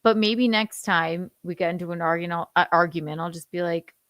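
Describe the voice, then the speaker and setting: A woman in her thirties hosting a casual livestream chat, animated and laughing, swearing freely and acting out how she yells. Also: lowish voice, fairly quick, clear, resonant tone, no echo, studio quality. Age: 30s. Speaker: host.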